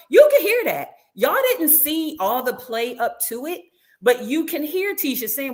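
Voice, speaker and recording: A woman who was in a reality show cast is a guest in a casual interview, animatedly recounting events and acting out what others said. Her voice runs fairly high and a bit bright, swinging widely in pitch at a measured pace.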